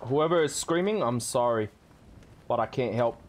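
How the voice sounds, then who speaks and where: A man's voice: medium pitch, lively intonation, normal speed, a little hiss or hum. A male streamer giving live commentary on a horror game, jumpy and swearing a lot while talking to his chat.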